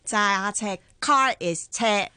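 A woman's voice: medium pitch, bright, forceful tone, smooth, dry recording. Woman chatting casually. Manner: halting, many fillers, joking. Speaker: co-host. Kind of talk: casual chat.

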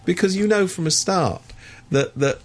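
A man's voice: high-pitched, lively intonation, moderate pace. A man living in Hong Kong giving opinionated political commentary in a sardonic, emphatic way, with many restarts. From Hong Kong resident. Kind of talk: opinionated discussion.

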